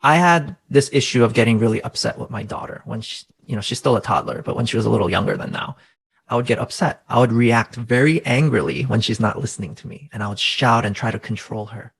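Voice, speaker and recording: A man's voice: medium pitch, lively intonation, fast talker, creaky, low-quality recording. A man in his thirties, a guest coach in a conversational interview, speaking in an earnest, reflective way and often checking in with "right?".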